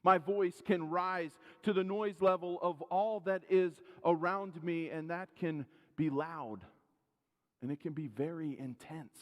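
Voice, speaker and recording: A man preaching a sermon as pastor. He speaks earnestly, asks the congregation direct questions, rises louder for emphasis and then drops low and quiet. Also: unhurried, muffled recording. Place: church sanctuary. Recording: long reverb of a church hall.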